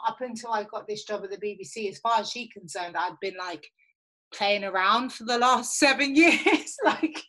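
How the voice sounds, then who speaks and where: A woman's voice: on the high side, bright, forceful tone, poor audio. Chatty young woman radio producer. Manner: chatty, upbeat, many fillers like "like" and "um". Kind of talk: casual interview answers.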